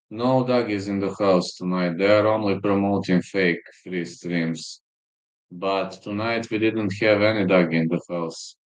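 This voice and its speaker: A man hosts a casual live stream and reacts to viewer comments. His voice sits very low and his delivery is slow and unhurried, with filler pauses. He is blunt and crude, and he swears freely. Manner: blunt and crude, with frequent profanity. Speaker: livestream host.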